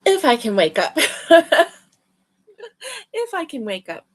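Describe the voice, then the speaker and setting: Woman, crochet livestream host, tired and yawning, chatty, unhurried. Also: fairly high pitch, big pitch swings. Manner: sleepy, chatty, warm greetings to viewers. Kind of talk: casual livestream chat. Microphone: livestream webcam mic.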